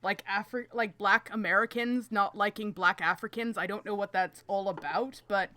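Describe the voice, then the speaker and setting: A woman's voice: mid-range voice, steady tone, moderate pace, sharp tone. A young woman in casual chat, telling anecdotes and laughing often. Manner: chatty, storytelling, laughs often.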